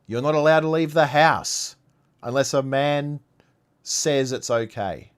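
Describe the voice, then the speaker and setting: A man's voice: on the high side, unhurried, clear, resonant tone. A man from Iran ranting on a live stream, sarcastic and repetitive as he reacts to clips. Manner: ranting, sarcastic, repeats himself. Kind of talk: heated commentary on played clips.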